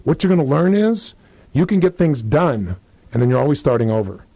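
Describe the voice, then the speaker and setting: A man, a motivational speaker, teaching a self-help lesson with lots of energy and acting out people's voices with big swings in pitch. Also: big pitch swings, fairly quick, dry recording. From United States. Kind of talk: recorded self-help seminar. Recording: dull lo-fi audio, dry.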